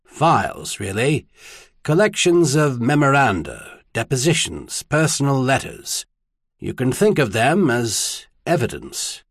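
Casting: male narrator doing a calm older archbishop, measured and husky, audiobook reading. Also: medium pitch, no room sound, studio quality. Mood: grave. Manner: mild, measured, then grave. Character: older male archbishop, mild and knowing, old friend.

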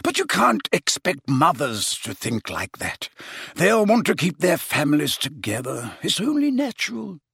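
A man's voice: a little high, wildly swooping pitch, unhurried, creaky, fairly bright tone, husky, dry recording, clean studio sound, pitched above the performer's own voice, exaggerated voice. A man doing a fretful older male professor. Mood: shaken. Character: plump shaken older male potions teacher.

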